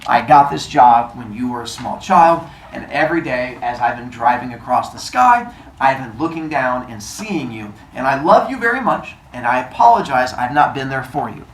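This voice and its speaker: A man voicing a booming, fatherly male sun god who makes loud, slow, grand pronouncements. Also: sing-song, reverberant, slight background noise, poor audio.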